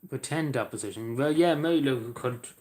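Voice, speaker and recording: On a live stream, a man with an Irish accent and a mid-range, slightly mellow voice chats casually with viewers. He's halting and rambling, uses lots of fillers, and apologizes often.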